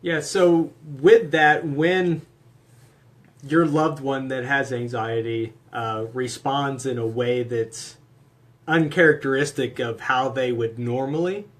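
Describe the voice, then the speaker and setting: A man, co-hosting with his wife, giving measured, gentle advice to couples in a candid conversation. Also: mid-range voice, steady tone. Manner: measured, gently advising like a counselor. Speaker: husband and co-host.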